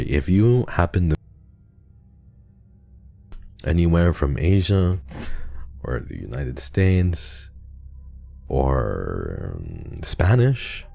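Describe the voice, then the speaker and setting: A young man streaming and reading donations in a casual chat, soft and affectionate, sometimes teasing his viewers. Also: very deep voice, gravelly, dry recording.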